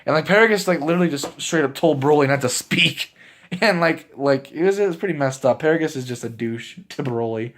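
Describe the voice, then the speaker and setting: A man casually recapping a movie for his channel, rambling with lots of fillers and breaking into laughs as he gets excited. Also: on the high side, brisk. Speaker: movie reviewer.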